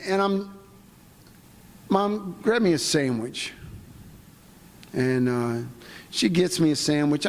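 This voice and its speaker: A man speaks at a conference, telling his own story as a personal testimony. His voice sits a little high for a man, and his delivery is plain-spoken and halting. The long reverb of a large hall trails behind every word.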